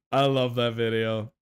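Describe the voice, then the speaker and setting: A young man chatting casually on a livestream, excitable and swearing, with sudden loud outbursts. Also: mid-range voice, clean tone. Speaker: streamer.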